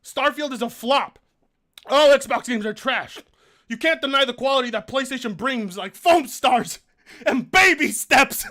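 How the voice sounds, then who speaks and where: A man's voice: extremely high pitch, lively intonation, unhurried, sharp tone. A man streaming live, reading donations aloud, swearing and groaning in pain in a whiny, exasperated way. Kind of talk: casual live-stream chat.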